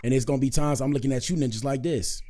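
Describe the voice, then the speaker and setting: A man hosts a casual commentary show at a mid-range pitch, talking loosely and joking as he goes. He rambles, circles back to the viewers and keeps the mood light. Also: fast talker, noisy background. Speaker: host.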